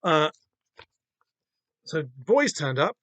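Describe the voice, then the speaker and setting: A man's voice: a little high, sing-song, extremely slow, a bit bright, dry recording. A man with a Southern English accent hosting a podcast, giving casual comic-book commentary in a rambling, sweary, self-deprecating way. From Southern England. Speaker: podcast host.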